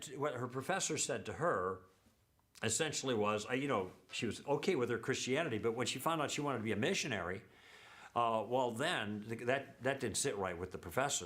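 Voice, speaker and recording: A middle-aged man leads a church teaching lesson in a mid-pitched voice with a very lively melody. He explains his points through anecdotes and briefly acts out what each person said. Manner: anecdotal, acts out quoted dialogue.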